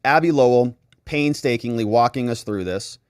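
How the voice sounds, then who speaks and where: A man's voice: medium pitch, normal speed, clean tone, dry recording, studio quality. A man hosting legal commentary, recapping courtroom events with sarcastic asides and acting out the lawyers and the judge. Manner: animated, acts out quoted lawyers and judge in shifting voices.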